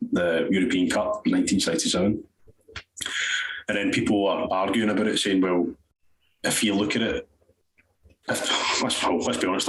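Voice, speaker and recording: A Scottish man co-hosting a podcast, chatting casually about football with rambling, restarting sentences and casual swearing. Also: on the low side. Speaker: podcast co-host. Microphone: headphones on a remote call. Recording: echoey room, faint noise.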